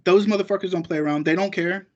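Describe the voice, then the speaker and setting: Guest spot: man with a high voice, rambling and cursing freely, dull muffled recording. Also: fairly even intonation, fast. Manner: rambling and profane, acting out quoted remarks. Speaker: guest, jiu-jitsu competitor. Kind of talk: casual podcast chat.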